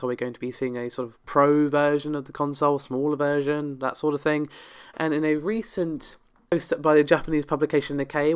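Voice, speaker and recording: A tech news host, a man, talks his viewers through the latest stories in a loose, conversational way. His voice sits somewhat high and comes across clean and resonant. A cold leaves it slightly nasal. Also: smooth. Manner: chatty, talks straight to viewers. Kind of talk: casual tech news commentary.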